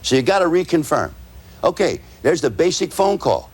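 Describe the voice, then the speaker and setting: A man's voice: a little high, very animated, a little mellow, slightly rough. A man teaching salespeople, walking through his method point by point and tagging his points with "right?". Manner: tags points with rhetorical "right?"; spells out words slowly. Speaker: sales trainer. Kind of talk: lecture to salespeople.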